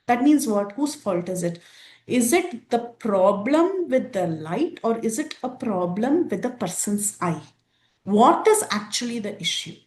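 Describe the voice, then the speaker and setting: A woman's voice: on the high side, very animated, measured pace, darkish tone. A woman teaching a scripture class, explaining verses and asking the listeners rhetorical questions. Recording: roomy echo.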